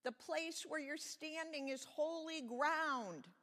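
A booming, commanding God speaks from a burning bush, as a storyteller puts the voice on for children. The lines come slow and emphatic, pitched up with a gravelly edge. The voice rings through a long church reverb. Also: animated, pushed and bright, exaggerated voice. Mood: solemn. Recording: echoey church sanctuary.

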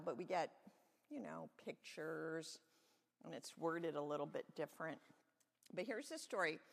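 A woman's voice: on the low side, creaky, big-room sound. Woman telling a children's sermon. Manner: friendly, explaining simply to children. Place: church sanctuary.

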